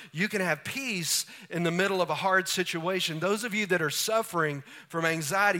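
A man preaching with a bright, forward tone and a pitch sitting a little above typical. His delivery is animated, and he slips into small acted-out scenes to illustrate his points. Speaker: pastor. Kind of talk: sermon.

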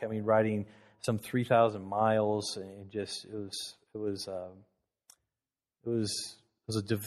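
Male pastor, mid-pitched, earnest sermon storytelling that builds, long hall reverb. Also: a little mellow.

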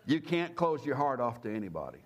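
A man's voice: mid-range voice, fairly quick. A man preaching a sermon as a pastor, telling stories with chuckles and repeating phrases for emphasis. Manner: animated storytelling with chuckles and asides.

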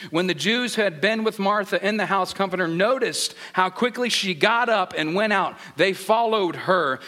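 A man's voice: high-pitched, pushed and bright. A male pastor preaching a sermon, retelling a scripture story in an informal, conversational way. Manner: storytelling, paraphrases scripture in everyday talk.

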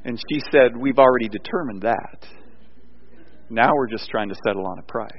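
A man preaching a sermon, moving between loud emphatic points and quiet, rambling storytelling with frequent restarts. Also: mid-range voice, moderate pace. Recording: dull sound with long hall reverb.

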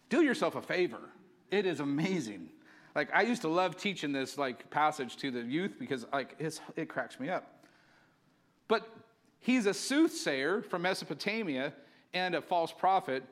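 A man's voice: a little high, fairly bright tone. A male pastor preaching a sermon, telling the story casually and with energy, filling it with likes.

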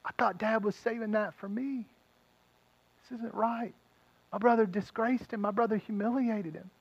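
A man's voice: high voice, fairly even intonation, normal speed, slightly rough, no room sound, muffled recording. A man voicing a resentful, indignant young older brother who complains that he has been passed over. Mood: hurt. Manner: sulky, complaining.

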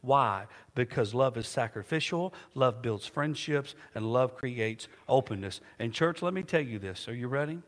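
A man's voice: medium pitch, expressive, moderate pace, few pauses. A middle-aged male pastor preaching a sermon in a church, emphatic and rhetorical, asking the congregation questions and answering them. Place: church sanctuary. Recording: long church reverb.

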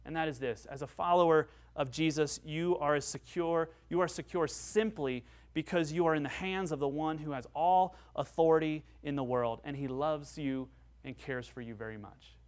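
A male pastor delivering a sermon in an earnest, emphatic way. His voice sits a little higher than most men's, and he climbs higher still when he drives home a point. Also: normal speed. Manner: earnest, emphatic, with rising peaks on key points.

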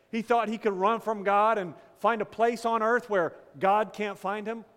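A man, a pastor, preaching a sermon with dramatic pauses, dropping from loud to hushed and breaking into casual storytelling. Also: high-pitched, fairly even intonation, smooth. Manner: casual storytelling with quick asides. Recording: long hall reverb.

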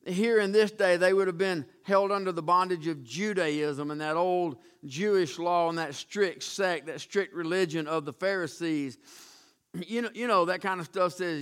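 A man's voice: high-pitched, normal speed, clean tone. A man preaching a sermon emphatically, often restarting words and calling out to his congregation.

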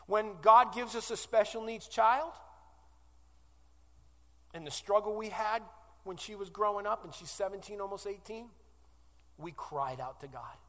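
A man in his forties preaching a sermon as pastor, moving from loud declarations to hushed pleas. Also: sits high, a little slow, long pauses, long reverb tail. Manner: impassioned, swinging from loud declarations to hushed, tearful-sounding pleas.

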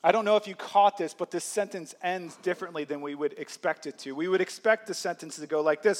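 A male pastor with a high, light voice delivers a sermon in a loose, conversational way. He acts out quotes as he goes and laughs lightly now and then. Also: a little fast, few pauses.

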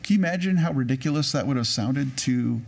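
A man's voice: medium pitch, expressive, fairly quick, gravelly. A man preaching a conversational sermon, reading scripture aloud and explaining it, with frequent restarts and self-corrections. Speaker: pastor.

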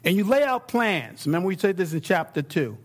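Middle-aged pastor guy with a high voice, preaching casual, goes quiet then fired up. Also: fairly quick. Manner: conversational preaching, swings from hushed to excited. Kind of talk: sermon.

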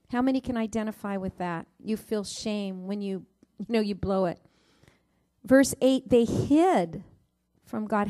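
A middle-aged woman preaching a sermon, reading scripture and telling a family story, stressing each verse number. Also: fairly high pitch. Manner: warm storytelling with Bible reading, rising emphasis on verse numbers.

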